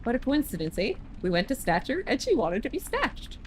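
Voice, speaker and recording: A woman's voice: a little high, big pitch swings, a little fast, slight background noise. A woman voicing a cocky, easygoing young male thief as she reads game dialogue aloud in a teasing, laid-back way.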